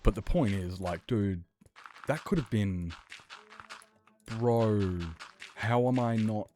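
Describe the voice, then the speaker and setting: Low-voiced man, rambling and profane. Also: takes it slowly, dark tone, slight background noise. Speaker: streamer. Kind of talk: casual chat while gaming.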